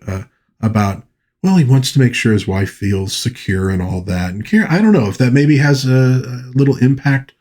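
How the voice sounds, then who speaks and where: A man with a somewhat low, husky voice talks through an old romantic film scene by scene. He chats loosely, with plenty of fillers and restarts, and slips into brief impressions of the characters' lines. It sounds like a relaxed home-made film review. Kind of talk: casual film review narration.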